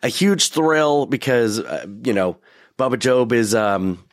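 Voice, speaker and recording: In a studio-quality recording with no echo, a podcast co-host speaks in an animated, unhurried, mid-range voice. He keeps the casual chat light with self-deprecating jokes and many restarts.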